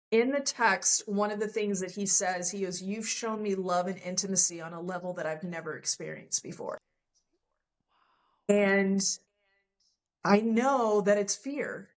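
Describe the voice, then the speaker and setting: Woman podcast guest, mid-pitched, earnest, emotional storyteller who re-enacts dialogue. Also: poor audio. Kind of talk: candid personal storytelling.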